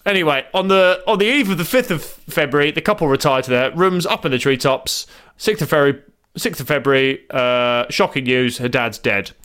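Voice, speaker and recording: A man co-hosts a comedy podcast, reading out an article in a mock-serious tone that keeps slipping into sarcastic asides. His voice sits fairly high and swings widely in pitch. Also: animated, moderate pace, hardly any pauses, fairly bright tone, clear, resonant tone. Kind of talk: joking chat, reading an article aloud.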